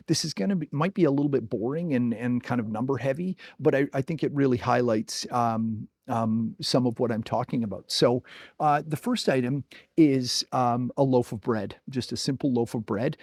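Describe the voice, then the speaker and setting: A man's voice: mid-range voice, a little mellow, no echo, studio quality. A man from Canada chatting casually as a vlogger, with lots of ums and restarts. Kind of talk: casual chat. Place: indoors, living in the UK.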